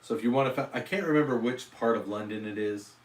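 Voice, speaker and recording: A man's voice: medium pitch, quick pace, distant mic. A man hosting a casual livestream, rambling and self-deprecating, with lots of fillers and restarts. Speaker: livestream host. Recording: roomy echo.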